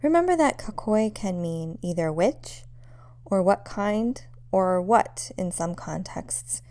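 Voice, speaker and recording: A young adult woman teaching a language lesson, speaking in a clear, measured way and saying example sentences slowly. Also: mid-range voice, animated, mellow, no room sound. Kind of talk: scripted lesson narration.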